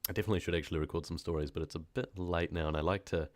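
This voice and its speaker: A man's voice: sits low, steady tone, very fast, a little hiss or hum. A man chatting casually on a live stream, reading comments, rambling and laughing often, with a congested, stuffy nose from a cold. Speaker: horror story narrator streaming live.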